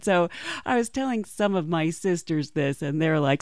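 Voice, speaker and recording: A woman hosting a podcast, telling casual stories in an animated way and laughing often. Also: fairly low pitch, normal speed, no room sound, clean studio sound. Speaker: podcast host. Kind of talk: casual storytelling monologue.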